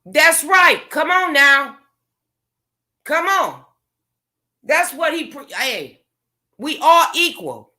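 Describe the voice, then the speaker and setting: A woman's voice: high-pitched, sing-song, slow, pauses often, pushed and bright. A woman vlogger, delivering a profane, confrontational rant to her viewers. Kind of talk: angry rant to camera.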